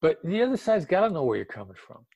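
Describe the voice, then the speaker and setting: A man's voice: a little high, very animated, quick pace, gravelly, darkish tone, breathy edge, no room sound. An older man speaking as an expert guest in a casual interview, emphatic and drawing out words for stress.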